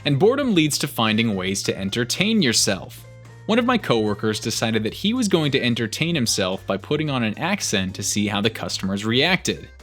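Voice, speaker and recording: A man narrating online posts aloud as a storyteller, reading in a lively way. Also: mid-range voice, normal speed, soft background music.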